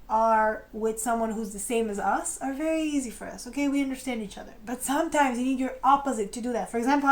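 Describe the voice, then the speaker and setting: A woman giving a tarot card reading in a chatty, animated way, acting out imagined feelings and often laughing or trailing off mid-sentence. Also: on the high side. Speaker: tarot reader. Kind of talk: intuitive tarot reading to camera.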